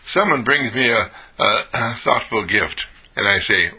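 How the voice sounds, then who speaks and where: A man giving a motivational monologue, acting out delighted, surprised exclamations in a lively, swooping voice. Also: mid-range voice, normal speed, few pauses, breathy edge. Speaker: inspirational speaker.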